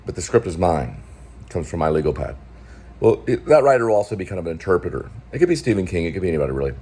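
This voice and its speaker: A man's voice: low-pitched, very animated, rapid-fire, mellow, slightly rough. A man hosting his own show, talking casually through a film production meeting, thinking aloud in a rambling way with restarts. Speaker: filmmaker and show host.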